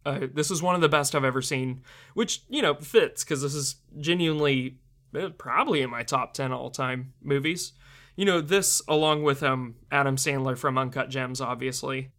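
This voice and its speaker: A man's voice: medium pitch, moderate pace, fairly bright tone. A young man reviewing a film in casual commentary, rambling with many fillers and laughs.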